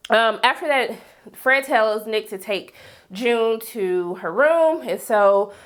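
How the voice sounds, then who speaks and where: A woman recaps a TV episode in a lively, sassy way. Her voice sits a bit high for a woman, and it jumps up sharply whenever she acts out a character's line. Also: slow pace. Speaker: TV show reviewer. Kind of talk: casual recap and commentary.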